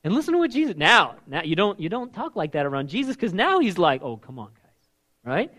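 A young man preaching a casual, conversational sermon, emphatic and swinging between loud and hushed delivery. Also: sits high, sing-song, fast talker.

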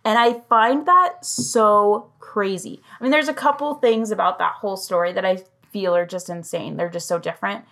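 A woman's voice: medium pitch, steady tone, normal speed, creaky, few pauses, a bit bright. A young woman with a mid-range voice hosts a casual podcast conversation. She sounds chatty and upbeat, reacting and asking follow-up questions. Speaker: podcast host.

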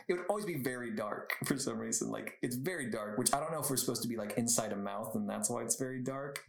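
A young man with a gravelly mid-range voice runs his podcast alone, recorded in an echoey room. The casual chat rambles into tangents and is punctuated by frequent laughter.

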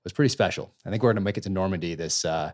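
A man's voice: low-pitched, very fast, darkish tone. A man speaking reflectively in casual conversation. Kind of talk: casual chat.

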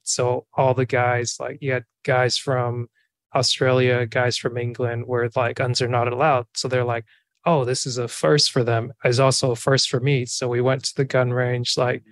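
A podcast host, a man, sharing an anecdote in a relaxed, casual chat. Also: mid-range voice, dry recording. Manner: relaxed, lots of "like" fillers.

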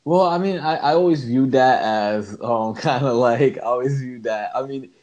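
A man co-hosting a podcast, chatting casually, often hesitant and quick to laugh. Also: medium pitch, darkish tone. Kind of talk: casual chat.

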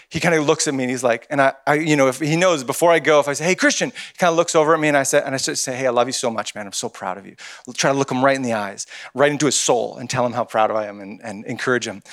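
A man preaches in a church, his voice sitting a little higher than most. He tells a personal story with animated, humorous delivery. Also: fast talker. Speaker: church speaker. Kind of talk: storytelling sermon.

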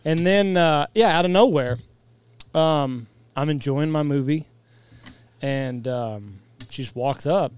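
Smooth-voiced man in wry banter. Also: fairly high pitch, slow pace, darkish tone. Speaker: podcast co-host. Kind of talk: casual chat.

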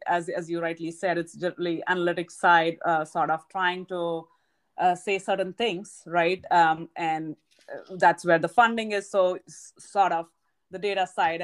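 Woman podcast host, lowish voice, measured and affirming. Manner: affirming, measured, often checks in with "right?". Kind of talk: conversational interview.

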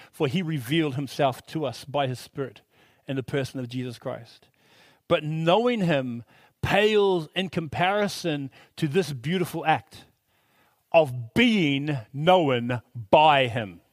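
A man preaching a sermon in an excited, conversational way, with lots of repeated rhetorical questions. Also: a little high, dry recording.

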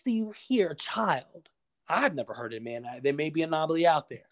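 A man's voice: on the high side, lively intonation, fairly quick. A man talking as a podcast guest, passionate and preacher-like, acting out the voices he quotes. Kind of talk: casual motivational conversation.

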